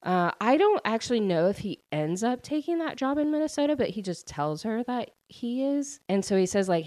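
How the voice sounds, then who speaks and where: A woman's voice: a little high, sing-song, moderate pace, hardly any pauses, a little mellow, no room sound. A woman recapping a novel she read, in a casual, chatty way full of "like" and "um". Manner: chatty, many fillers like "like" and "um". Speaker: book reviewer. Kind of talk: casual book recap chat.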